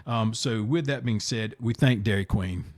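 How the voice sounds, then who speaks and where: A man with a lowish voice hosts a casual podcast at a moderate pace, rambling between topics. He often restarts and repeats words, and his opinions come out blunt and animated.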